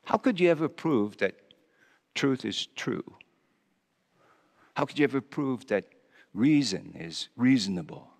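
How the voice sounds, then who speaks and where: Theatrical pastor in a reverberant hall. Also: male voice, medium pitch, lively intonation, gravelly, darkish tone. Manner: speaks in character as a Roman governor, theatrical and halting. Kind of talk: dramatic first-person sermon monologue. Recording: long reverb of a large hall.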